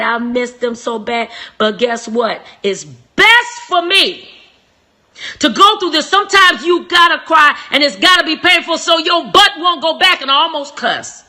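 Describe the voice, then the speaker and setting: A young woman hosting a live-stream relationship talk, preachy and emphatic, repeating phrases and swinging from soft to shouting. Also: fairly high pitch.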